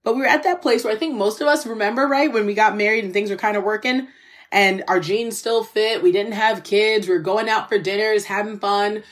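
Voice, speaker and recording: A woman at a middle pitch shares a personal story on her podcast. She talks to her listeners directly, in an earnest, candid and faith-filled way, and she is openly moved at times. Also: fairly even intonation, brisk. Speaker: podcast host.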